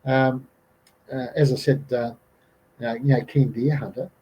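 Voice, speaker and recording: A man's voice: mid-range voice, steady tone, measured pace, muffled recording, a little hiss or hum. A middle-aged Australian man telling a bush camping story in casual fashion, full of fillers and restarts. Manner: rambling, many fillers and restarts, quotes people in raised voices. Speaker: podcast guest recounting an encounter.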